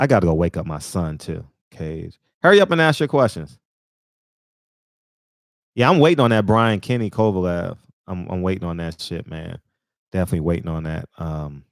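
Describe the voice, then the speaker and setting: A man's voice: deep voice, gravelly, darkish tone, no echo. A man hosting a casual live stream, rambling loosely between laughs and talking to his viewers on a phone. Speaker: live-stream show host.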